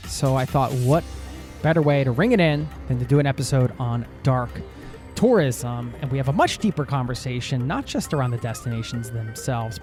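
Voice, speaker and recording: A man's voice: medium pitch, darkish tone. A friendly male podcast host talks energetically and casually. He welcomes his guest and asks questions. Faint music sits under parts of his talk.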